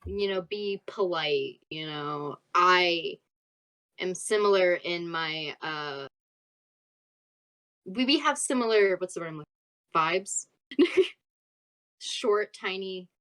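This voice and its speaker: A woman's voice: lowish voice, fairly bright tone, poor audio. Giggly woman playing a tabletop game. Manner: giggly, trailing off mid-sentence. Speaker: tabletop player. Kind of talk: casual in-character tabletop chat.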